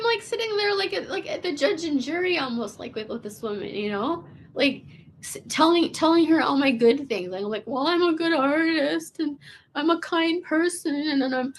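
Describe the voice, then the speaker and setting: A woman in her fifties with a gravelly voice, telling a personal story in a rambling, profane way, full of restarts and repeated words. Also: high-pitched. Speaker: vlogger. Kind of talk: casual confessional storytelling.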